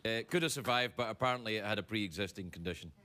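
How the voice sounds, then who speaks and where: A man's voice: on the low side, racing. A man hosting a late-night show, delivering a playful, self-mocking comedy monologue in a TV studio. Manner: playful, self-mocking, with sudden put-on voices. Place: TV studio with live audience. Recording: studio audience laughter and noise.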